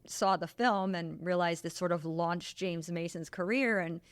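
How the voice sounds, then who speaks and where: A woman's voice: fairly low pitch, a little slow, clean tone. A woman hosting a podcast, casually retelling an old film's story with many asides and tangents. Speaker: podcast host. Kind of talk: casual film discussion.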